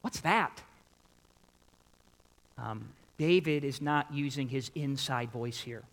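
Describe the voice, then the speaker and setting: A pastor with a mid-range voice preaches to his congregation at an unhurried pace, putting questions to his listeners and repeating key points for emphasis. His delivery is animated, swinging between quiet and loud, and the recording quality is low.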